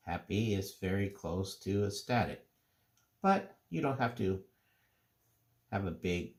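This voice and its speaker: A middle-aged man calmly explaining, step by step, how to draw cartoon faces. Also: on the low side, creaky. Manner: relaxed, unhurried step-by-step explaining. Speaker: drawing teacher. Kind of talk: casual drawing tutorial.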